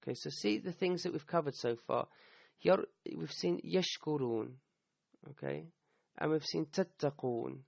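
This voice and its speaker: Gravelly man teaching, dull dry recording. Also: medium pitch, dry recording. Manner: thinks aloud with restarts, checks in with "okay?". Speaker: Quran teacher. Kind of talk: recorded talk explaining a verse.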